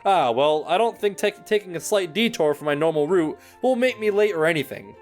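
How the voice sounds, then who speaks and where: A man voicing a poised, caring teenage schoolgirl in a visual novel, reading her lines gently and reassuringly with a teasing edge. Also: high-pitched, lively intonation, brisk, soft background music. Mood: polite. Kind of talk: game dialogue read aloud.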